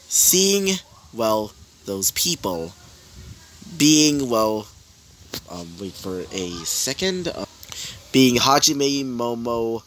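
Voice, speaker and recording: A man's voice: mid-range voice, a bit bright, slight background noise. A man improvising a fan story as narrator, rambling with fillers and self-corrections.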